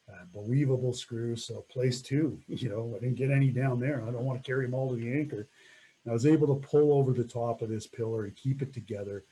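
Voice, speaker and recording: A middle-aged man telling an animated story about a mountain climb, laughing often and acting out what people said. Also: medium pitch, slight background noise, poor audio. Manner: animated, laughs often, acts out quoted voices. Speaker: mountaineer recounting a first ascent. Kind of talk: storytelling talk.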